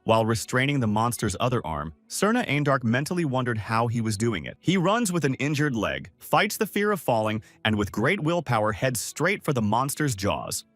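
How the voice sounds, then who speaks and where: A man narrating a story recap from a script in a steady storytelling manner. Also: medium pitch, moderate pace, hardly any pauses, no echo. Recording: dry close voice over soft music.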